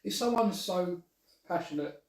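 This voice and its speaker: A man's voice: high-pitched, expressive, a little slow, distant mic. A man in a casual podcast chat, rambling and restarting his sentences. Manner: rambling, restarts often, chatty. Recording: echoey room, away from the mic.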